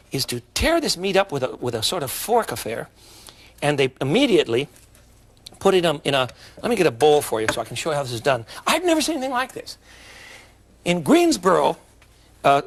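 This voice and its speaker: A man hosting a cooking demonstration in a studio kitchen, talking in a folksy, chatty way with jokes and asides, and getting excitable when enthused. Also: high-pitched, creaky. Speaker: cooking show host.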